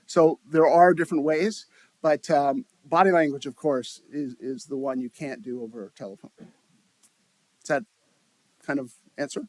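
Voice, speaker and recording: A man's voice: fairly high pitch, fairly even intonation, a little slow, no room sound. A man giving a live talk at a conference, speaking conversationally, restarting phrases and putting questions to the audience. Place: conference room.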